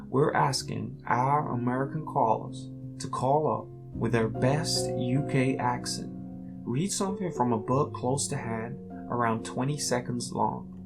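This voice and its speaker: A man doing comedic parody ads and radio-DJ patter with an upbeat, salesy delivery. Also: gravelly. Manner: upbeat salesy pitch, loud exclamations. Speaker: mock ad presenter and radio DJ.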